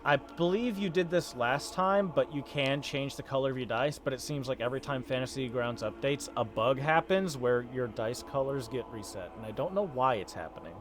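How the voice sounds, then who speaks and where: A man running a homebrew tabletop game as game master, narrating in a relaxed, chatty way with frequent fillers. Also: mid-range voice, moderate pace, few pauses, noisy background. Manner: relaxed, chatty, laughs often, hesitant fillers.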